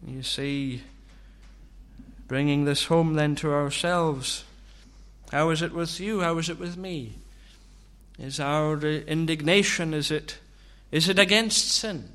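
A preacher delivers his sermon at an unhurried pace. His voice sits a little high and rings bright. He leans on slow, searching rhetorical questions.

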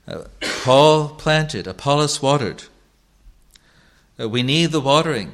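A man's voice: medium pitch, a bit bright. Earnest male pastor preaching. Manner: earnest, measured preaching with repeated phrases. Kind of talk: sermon.

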